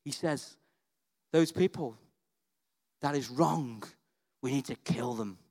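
A man with a mid-range voice preaches slowly, telling a story in a chatty, animated way. He drops to hushed asides, climbs to excited near-shouts, and keeps asking "right?" and "okay?".

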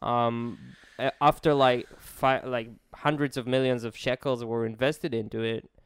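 A man, co-hosting a podcast and explaining events at length with halting restarts. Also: medium pitch, steady tone, smooth, no echo. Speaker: podcast co-host. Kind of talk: casual explanatory chat.

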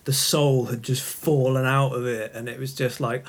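A man's voice: mid-range voice, flat delivery, normal speed, few pauses. A chatty man hosts a podcast. He speaks casually and agreeably, and he laughs easily. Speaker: podcast host.

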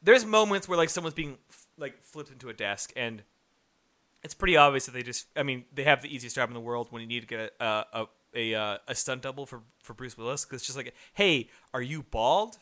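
A man's voice: mid-range voice, quick pace, pushed and bright. A man co-hosting a casual movie review chat, rambling and profane with lots of fillers. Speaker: podcast co-host.

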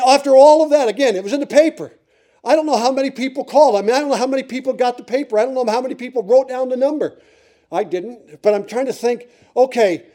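A man's voice: extremely high pitch, mellow. A middle-aged man from Pennsylvania preaching a sermon, telling a funny personal story and teasing the congregation with repeated suspenseful lines. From Pennsylvania, USA.

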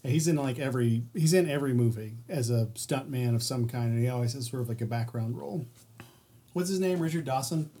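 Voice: mid-range voice, fast talker, warm tone, breathy edge. A podcast co-host in casual chat, wisecracking and laughing often.

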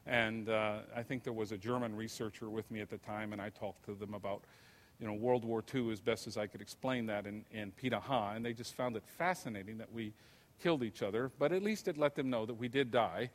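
An older man giving a lecture, telling stories in an unhurried, conversational way. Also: fairly low pitch. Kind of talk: anecdotal lecture. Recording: long reverb of a lecture hall.

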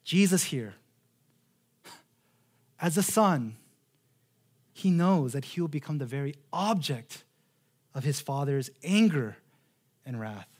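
This sermon comes from an expressive pastor in his thirties with a higher, darkish-toned voice. He's earnest, drawing out important phrases slowly and restarting with repeated words.

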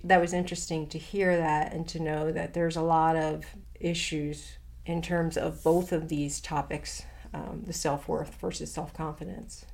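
A woman's voice: sits low, flat delivery, unhurried, vocal fry, hardly any pauses, a little mellow. A woman co-hosting a talk show, speaking in a reflective, earnest way in long flowing sentences. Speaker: podcast co-host. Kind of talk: casual conversational chat.

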